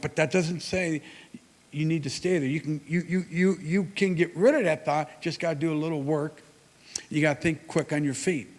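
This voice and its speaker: A man in his sixties giving a motivational talk at a university, telling stories in a lively way with big rises and drops in his voice. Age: 60s. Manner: animated storytelling with big swings in pitch and loudness. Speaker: motivational speaker. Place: university lecture hall. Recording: long hall reverb.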